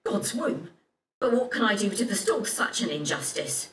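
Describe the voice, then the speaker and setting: A woman's voice: medium pitch, very animated, normal speed, slight background noise, lightly acted. An actress playing an earnest, spirited Elizabethan lady poet who speaks in archaic formal English. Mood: worried. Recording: roomy, distant game audio.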